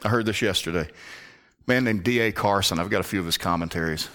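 A man preaching an earnest sermon in a low, deep voice. He leans into his points and drops almost to a whisper when he wants them to land. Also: a little fast. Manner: earnest, drops to a hushed near-whisper for emphasis.

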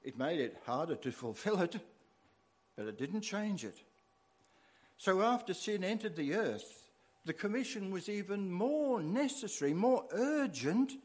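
A man's voice: sits high, darkish tone. A middle-aged man preaching a sermon as pastor, with rising emphasis on key words.

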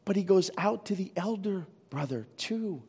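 A male pastor preaching a sermon to his congregation, dramatic and full of rhetorical questions, swinging from near-shouting to hushed. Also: sits high, expressive, normal speed, creaky, husky. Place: church. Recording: long reverb of a church hall.

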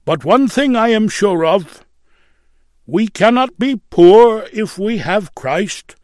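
Pious poor old man, read by a man; homely, earnest, slow. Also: high voice, expressive, darkish tone, dry recording, studio quality, pitched above the performer's own voice. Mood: content. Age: older. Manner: homely and earnest, content with little. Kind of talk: reading aloud a story.

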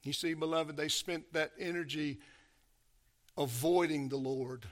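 Man, preacher, sermon, high voice, slow deliberate delivery, emphatic. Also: fairly even intonation. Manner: emphatic, swings from hushed to loud and urgent; addresses listeners as beloved.

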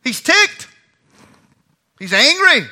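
A male pastor delivers a sermon in a high, very bright voice. He moves through the passage with animated emphasis and briefly acts out the lines he quotes. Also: very slow.

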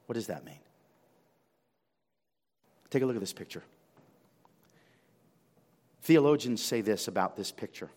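A male pastor preaching a sermon with animated swings of pitch and volume, often repeating words as he builds. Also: measured pace, long pauses. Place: church sanctuary. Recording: long reverb of a church hall.

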